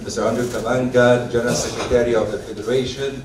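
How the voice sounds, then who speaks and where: A man's voice: medium pitch, level tone, fast talker. A man greeting the officials at a meeting, hesitant, with many fillers. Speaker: speaker greeting the dignitaries. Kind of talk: formal greeting. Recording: echoey hall, distant mic, clear background noise.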